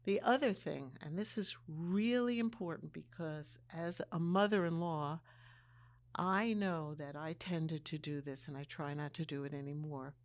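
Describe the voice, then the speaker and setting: A woman in her eighties co-hosting a casual conversation, telling family stories and getting animated when she retells a joke. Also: deep voice, a little slow. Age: 80s. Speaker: podcast co-host, mother-in-law.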